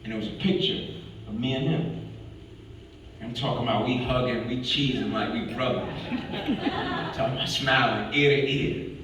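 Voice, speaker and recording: A man's voice: medium pitch, normal speed, long pauses, noisy background. A man giving a motivational talk, telling a dramatic personal story and repeating phrases for rhythm. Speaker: motivational speaker. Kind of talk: storytelling speech to a live audience. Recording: echoey hall from far off.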